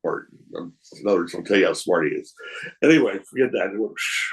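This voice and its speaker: Sitting low in pitch and moving at a quick pace, a wrestling promoter shares casual stories as a podcast guest, recorded in low quality. His storytelling rambles with lots of restarts, and he animatedly performs the voices of the people he describes.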